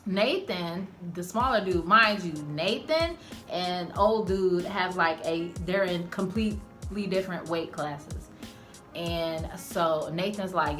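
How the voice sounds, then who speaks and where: A woman's voice: on the low side, takes it slowly, faint music behind. A woman giving a casual, slangy, profane recap of a TV episode as a channel host. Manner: animated, slangy, profane storytelling. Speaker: TV show reviewer.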